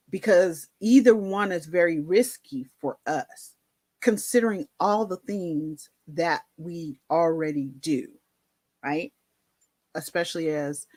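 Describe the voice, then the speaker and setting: A woman's voice: fairly low pitch, no echo. A woman telling a personal story in a candid, conversational way, with many fillers and asides. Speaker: vlogger.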